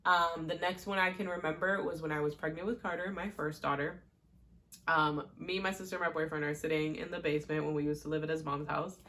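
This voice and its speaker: A young woman with a somewhat low voice talks casually about her own life. She rambles through stories with lots of fillers and little laughs. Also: steady tone, a little fast, fairly bright tone. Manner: chatty, many fillers and laughs. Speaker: podcast host. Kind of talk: casual personal storytelling.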